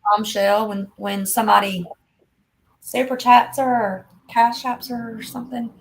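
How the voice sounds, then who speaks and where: Woman, 50s, livestream host, unhurried, gravelly voice, emphatic. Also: fairly high pitch, level tone, slight background noise, rough recording. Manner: blunt, scolding, emphatic. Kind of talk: casual livestream chat.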